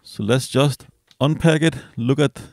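A man casually reviewing a small gadget as he unboxes it, relaxed and hesitant, with fillers and self-corrections. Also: medium pitch, measured pace, gravelly, no echo, studio quality. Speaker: product reviewer.

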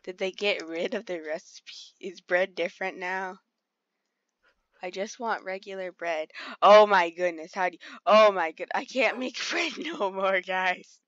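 A woman streaming her gameplay chats casually in a mid-range, fairly bright voice at a measured pace. She startles easily and talks to the animals around her. The recording is dry, with a dull lo-fi sound.

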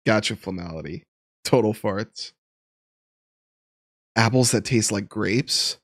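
A man's voice: fairly low pitch, slow pace, no echo, studio quality. A young man streaming live, chatting casually and laughing as he ranks fruits and reads chat. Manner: chatty and laughing, animated, reading chat aloud.

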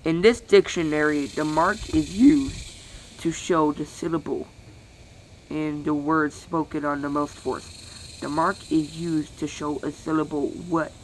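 A host reading a dictionary aloud, halting and stumbling over words, with weary sighs between entries. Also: mid-range voice, fairly even intonation, a little hiss or hum, rough recording.

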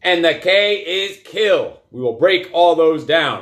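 A middle-aged man coaching and hosting, delivering a loud, profane motivational rant and hammering words through repetition. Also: fairly high pitch, lively intonation, slow pace. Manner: loud, emphatic, swears constantly, repeats phrases for punch. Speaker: coach and show host.

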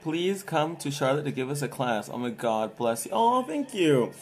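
A woman's voice: low-pitched, very animated, moderate pace. A woman hosting a casual live candy taste test, giggling and groaning in exaggerated disgust. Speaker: host of a live video.

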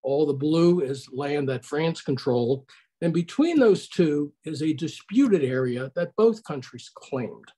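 A man's voice: fairly high pitch, mellow, breathy edge. An older man giving a conversational online history lecture over a video call, putting questions to his audience.

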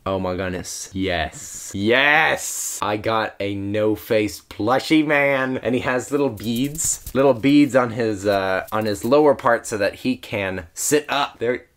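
A man hosting a casual unboxing vlog, gushing and giggling over each item and easily moved, in a chatty, excitable way. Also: mid-range voice, unhurried, few pauses. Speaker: YouTuber.

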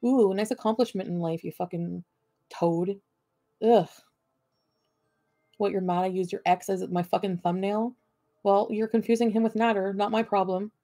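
A woman's voice: medium pitch, steady tone, normal speed, long pauses, mellow, no echo. A woman streaming from home, ranting at her chat in a profane, combative and sarcastic way. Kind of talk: livestream rant at chat.

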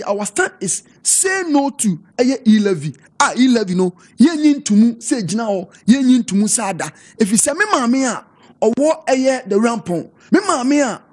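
Emphatic husky Ghanaian man on a panel. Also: sits high. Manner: emphatic, mixing English with Twi. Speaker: political party panelist. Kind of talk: heated political panel debate.

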